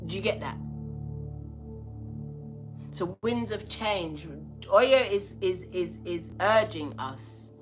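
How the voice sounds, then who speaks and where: A woman's voice: mid-range voice, expressive, slow, pauses often, soft background music. A woman giving a spiritual tarot reading, talking bluntly and emphatically with a lot of swearing. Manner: blunt, profane, emphatic preaching.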